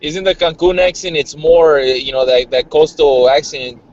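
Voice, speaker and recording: A man's voice: fairly high pitch, normal speed, a little mellow, highs cut off, a little hiss or hum. A man on a casual sports podcast, joking around and speaking with hesitant fillers. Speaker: podcast panelist. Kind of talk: casual chat.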